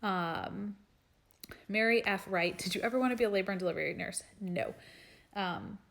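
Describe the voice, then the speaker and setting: A woman's voice: mid-range voice, moderate pace, gravelly, slight background noise. A young adult woman, a nurse practitioner, reading out viewers' questions in a live stream and answering them in a frank, chatty way. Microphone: phone or webcam for a live stream.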